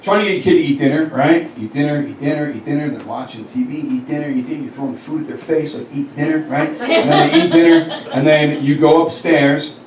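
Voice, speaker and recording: A man's voice: a little high, quick pace, slight background noise. A man in his thirties doing a crude, conversational stand-up set, acting out quotes of himself and others. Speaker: stand-up comedian. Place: comedy club stage. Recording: roomy club, distant mic, crowd laughter. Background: audience laughing.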